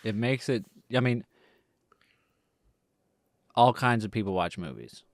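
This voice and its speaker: A man's voice: on the low side, animated, unhurried, dry recording. A man co-hosting a film podcast, chiming in casually, often restarting and repeating himself as he makes a point. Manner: hesitant, repeats himself, chimes in. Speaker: podcast co-host. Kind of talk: casual film review chat.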